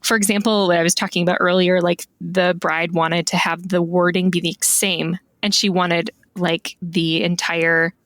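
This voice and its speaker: A woman guest on a podcast talking in a casual, thoughtful way with many "like" fillers, with a slightly rough morning voice. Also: lowish voice, level tone, moderate pace, hardly any pauses, a bit bright, dry recording. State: morning voice, clearing throat. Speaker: guest stationery calligrapher.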